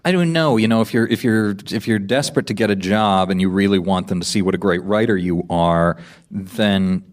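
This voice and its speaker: A man's voice: on the low side, moderate pace. A man, a screenwriter guest on a panel, talking casually with dry, wry asides.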